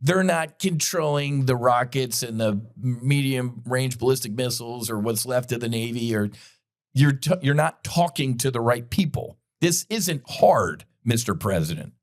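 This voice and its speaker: A man's voice: mid-range voice, expressive, unhurried. Fired-up middle-aged male podcast host. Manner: emotional, blunt, profane, addresses listeners directly. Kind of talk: impassioned commentary monologue.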